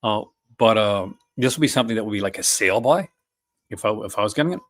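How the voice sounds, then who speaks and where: A man's voice: on the low side, expressive, fast, fairly bright tone. A man hosting a casual live stream, talking enthusiastically with many fillers and restarts. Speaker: host.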